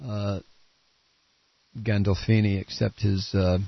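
A man's voice: lowish voice, level tone, takes it slowly, vocal fry, no echo. A man hosting a political talk radio show, blunt and combative, rambling with restarts, congested and coughing at the microphone. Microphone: studio microphone. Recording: dull lo-fi radio broadcast.

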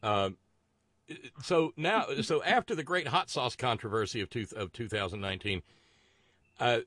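A man hosts a casual comedic talk show and tells a long story with plenty of asides. His pitch swings widely, and his tone is bright. The sound is dry and close. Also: dry recording. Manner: animated storyteller, drawn-out asides. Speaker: podcast host. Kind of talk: casual comedic political chat.

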